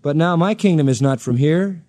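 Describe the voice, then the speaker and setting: A man's voice: moderate pace, warm tone. A man preaching an expository sermon, dramatically acting out the voices he quotes. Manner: dramatic, acts out quoted voices with sweeping pitch.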